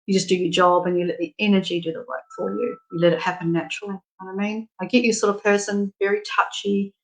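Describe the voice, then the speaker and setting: A middle-aged woman with an Australian accent chats through a spiritual reading on a live stream. Her voice sits at an everyday pitch, and her delivery is frank, affectionate and full of easy laughter. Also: steady tone, fast talker. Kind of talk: casual live-stream chat.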